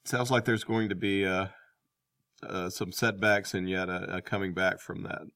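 A man interviewing, friendly and halting, with many fillers. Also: low voice, level tone, fairly bright tone, no echo, studio quality.

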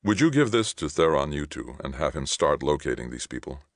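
A man's voice: a bass voice, sing-song, fairly quick, no room sound, studio quality, full character voice. A man reading as an earnest middle-aged governor.

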